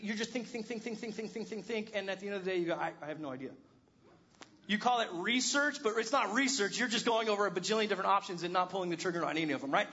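A man's voice: high-pitched, sharp tone, dull audio. A man in his thirties preaching a sermon, telling a funny home-repair story with self-deprecating humor. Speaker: pastor.

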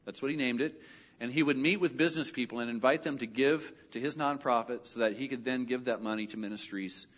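A middle-aged male pastor telling a personal story in a sermon, animated and lively when he quotes other people. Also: medium pitch, brisk. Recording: dull audio with long hall reverb.

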